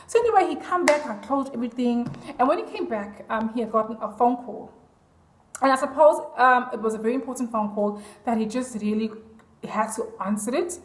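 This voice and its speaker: A woman's voice: a little high, brisk, roomy sound, slight background noise, rough recording. A woman vlogger telling a personal story in a chatty, confiding way, with plenty of fillers. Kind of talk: storytime vlog.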